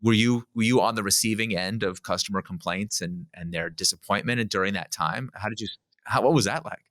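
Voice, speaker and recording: Fast-talking deep-voiced male host. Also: a bit bright, no echo. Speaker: podcast host. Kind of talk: interview questions.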